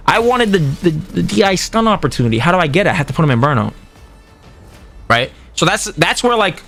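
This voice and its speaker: A man coaching on a livestream in a casual, profane way, often acting out what other players might say. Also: a little high. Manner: animated, profane, acts out quoted players. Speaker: streamer coaching fighting games.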